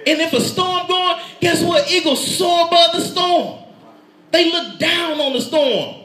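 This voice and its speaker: A man preaching a lively sermon with an animated, playful delivery, laughing and shouting in bursts. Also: very high voice, measured pace. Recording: echoey room.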